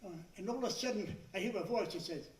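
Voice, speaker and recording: Exasperated older New comic, echoey. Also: male voice, high voice, fast talker. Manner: exasperated, shouting punchlines. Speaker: stand-up comedian. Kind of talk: stand-up routine. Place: club stage before a live audience. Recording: echoey room, far from the mic.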